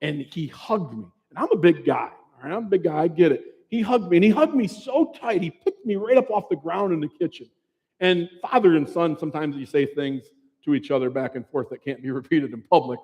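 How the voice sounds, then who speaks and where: An earnest man in his fifties gives a personal testimony speech, talking plainly and conversationally to an audience. His voice sits a little high for a man. Long reverb from a large hall trails behind every phrase. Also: slightly rough, muffled recording. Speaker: bereaved father giving a talk.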